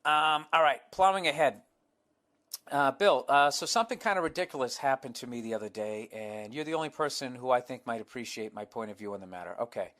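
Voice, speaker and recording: A man's voice: mid-range voice, a little fast, fairly bright tone. A man with a Boston accent hosting a podcast, reading a listener's letter and answering it in a blunt, sarcastic, profane monologue. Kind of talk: casual comedic podcast monologue.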